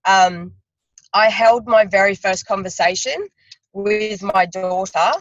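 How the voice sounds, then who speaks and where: A woman guest on a video call telling a personal family story, speaking haltingly with many pauses. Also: mid-range voice, dry recording. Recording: dull, dry video-call audio.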